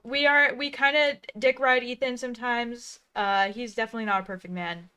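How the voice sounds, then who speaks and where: Bright, smooth-voiced young woman co-hosting. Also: on the high side, fairly even intonation. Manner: chatty, quick to laugh, trails off. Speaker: co-host. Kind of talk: casual commentary chat.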